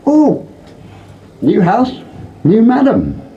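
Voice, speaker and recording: A man voicing a cheeky male parrot from a brothel, squawking in a shrill voice in a dull lo-fi recording. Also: huge pitch swings, very slow, mellow, a little hiss or hum, heavily acted.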